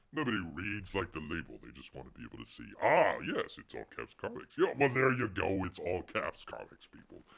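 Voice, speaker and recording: Low gravelly voiced, lively male streamer. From Florida, USA. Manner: rambling, jokey, refers to himself in third person. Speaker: live stream host. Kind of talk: casual live stream chat.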